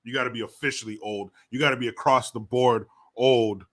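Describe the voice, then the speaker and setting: A man's voice: medium pitch, steady tone, fairly quick. A man hosting a livestream, reading out viewer messages and chatting loosely with lots of swearing and jokes. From United States. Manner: loose, swearing, jokey, slips into put-on voices. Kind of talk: casual profane livestream chat.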